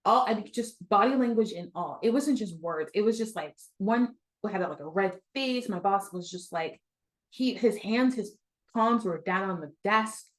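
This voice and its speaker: Animated woman telling a work story. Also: mid-range voice, moderate pace. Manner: animated, acts out quotes, laughs often. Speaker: business coach. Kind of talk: storytelling masterclass talk.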